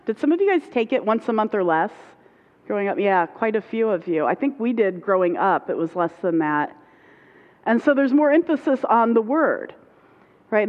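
A woman pastor giving a conversational sermon to her congregation. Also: fairly high pitch. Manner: conversational, uses fillers like right and like. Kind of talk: sermon teaching. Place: church sanctuary. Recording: muffled sound with long hall reverb.

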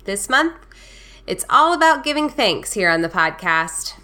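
A woman hosting a children's storytime podcast, talking in a gentle, friendly, unhurried way. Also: mid-range voice, big pitch swings. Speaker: podcast host.

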